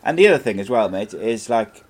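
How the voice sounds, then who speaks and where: A man's voice: on the low side, lively intonation, fairly quick. Man in his 40s, easygoing podcast co-host, loose storyteller with frequent laughs. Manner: rambling storyteller, laughs often. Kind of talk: casual chat.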